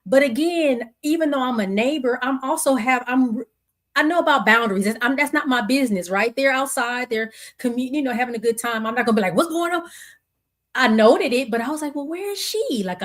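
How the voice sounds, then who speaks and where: A woman's voice: fairly high pitch, lively intonation, fairly quick. A woman in her forties hosting a podcast, telling a personal story in a reflective, conversational way, acting out quotes and restarting her sentences. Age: 40s. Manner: conversational, searching, with many restarts and acted-out quotes. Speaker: podcast host.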